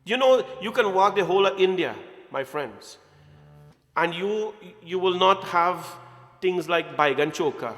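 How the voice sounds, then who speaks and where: A man from Guyana with a Guyanese accent, giving an animated satsang talk to a congregation and calling them "my friends". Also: sits high, unhurried, big-room sound, soft background music. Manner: animated, addresses audience as "my friends", asks questions. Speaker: religious speaker.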